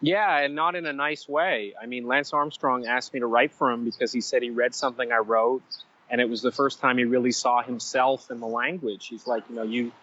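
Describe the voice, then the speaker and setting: A man telling stories as a podcast guest, animated and self-mocking, drifting into side stories. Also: medium pitch, fairly quick, highs cut off. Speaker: guest writer. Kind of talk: conversational storytelling.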